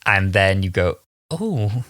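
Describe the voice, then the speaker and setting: Low-voiced man in his twenties, chatty. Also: a little fast, dry recording, clean studio sound. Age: 20s. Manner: animated, full of fillers and acted-out reactions. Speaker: podcast co-host. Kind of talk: casual chat.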